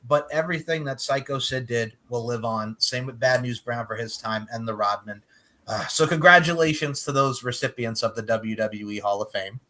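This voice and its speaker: A man's voice: medium pitch, normal speed, sharp tone. A man co-hosting a casual wrestling chat podcast, who swears freely and laughs as he rants. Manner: swears a lot, laughs while ranting. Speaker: podcast co-host.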